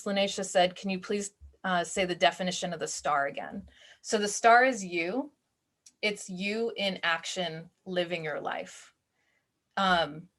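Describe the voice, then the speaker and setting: A woman leads an online self-awareness class in a relaxed, conversational way. She uses casual fillers and slips into short acted-out snippets of her inner voice. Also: on the low side.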